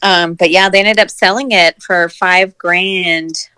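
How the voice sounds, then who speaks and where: A woman's voice: lowish voice, fairly even intonation, unhurried, pushed and bright, clear, resonant tone. A woman chatting casually in a laid-back way, with hesitant fillers. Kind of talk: casual chat.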